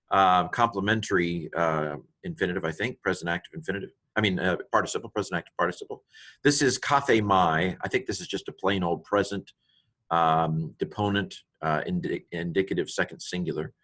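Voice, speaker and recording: Man with a very low voice teaching Greek casually, parsing verb forms aloud, lots of ums, gets excited by grammar. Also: normal speed. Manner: thinks aloud, parsing each word with many ums and asides; delighted by small grammar discoveries. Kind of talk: informal walkthrough of a Greek text.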